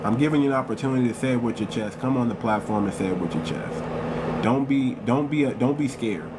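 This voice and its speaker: A man's voice: mid-range voice, fast, heavy background noise. A man hosting a live stream, talking in a confrontational way and repeating phrases for emphasis. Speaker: livestream host. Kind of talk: heated live-stream commentary.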